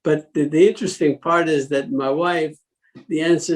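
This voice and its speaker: A man's voice: fairly high pitch, steady tone, normal speed, low-quality recording. A man, a guest telling rambling anecdotes with chuckles and many restarts. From Italy. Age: 80s. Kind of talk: casual anecdotal storytelling.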